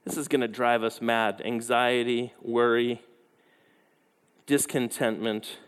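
A man preaching a youth sermon, telling stories with lively, quick asides. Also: medium pitch, smooth. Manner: animated storytelling with quick asides. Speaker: youth pastor. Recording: hall reverb.

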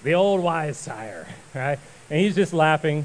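A male pastor giving a sermon, telling a story with lively acted-out voices before turning to prayer. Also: a little high, measured pace, rough recording. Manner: animated storyteller, acts out voices and shouts.

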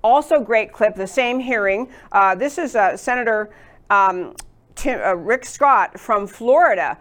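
A woman's voice: mid-range voice, lively intonation, unhurried. A woman hosting a political talk show, giving indignant, emphatic commentary between clips. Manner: indignant, emphatic, lists grievances.

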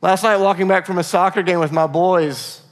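A man's voice: high voice, fairly even intonation, moderate pace, in a large hall. A male pastor preaching a sermon in a conversational, earnest way, often restarting his phrases.

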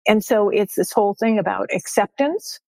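A woman's voice: mid-range voice, normal speed, creaky, mellow, no echo. A woman in her sixties, a success coach and podcast guest, talking upbeat and emphatic, often repeating her key phrases. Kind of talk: podcast interview.

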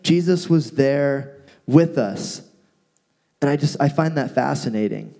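A man co-hosting a casual talk, retelling a Bible story with playful asides and lively paraphrase. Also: mid-range voice, measured pace, gravelly. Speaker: podcast co-host teaching from the Bible. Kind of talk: casual Bible teaching chat.

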